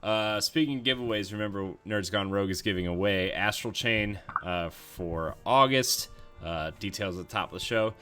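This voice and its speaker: Low-voiced man doing a casual podcast outro. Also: normal speed, sharp tone, soft background music. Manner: easygoing, reads out links with fillers. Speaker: podcast host.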